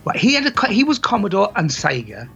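A man chatting casually as a podcast guest, animated and laughing often, with a husky voice. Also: high voice, quick pace, soft background music. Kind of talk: casual chat. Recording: dull lo-fi sound.

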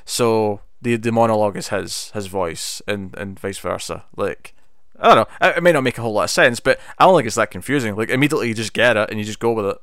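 A man's voice: on the low side, expressive, fast, fairly bright tone, dry recording, clean studio sound. A man co-hosting a casual podcast, reviewing a TV episode and retelling its scenes with bursts of animation. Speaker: podcast co-host.

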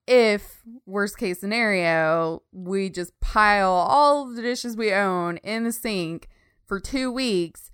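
A chatty, giggly woman in casual podcast talk, her voice smooth and clear. She laughs often and jumps high when excited. The recording is close and dry. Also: no room sound. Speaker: podcast co-host. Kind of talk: casual chat.

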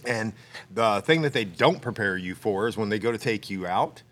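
A man with a fairly low voice tells a story on a casual podcast, acting out everyone's lines and often breaking into laughter. His delivery is animated and chatty, shifting between hushed asides and loud bursts. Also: moderate pace. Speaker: podcast co-host telling a story.

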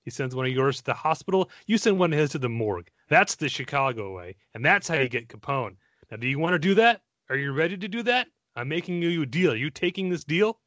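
A man's voice: a little high, lively intonation, quick pace, a bit bright, no echo, pitched above the performer's own voice. A man doing a hard-bitten veteran Chicago cop, pressing a deal with blunt street logic. The voice stays plain and unaccented, closely miked in a dry, dead-sounding space. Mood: insistent. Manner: quoting a famous film speech in his own voice, no accent. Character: tough veteran male Chicago cop giving a hard-line speech. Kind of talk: podcast banter, quoted line.

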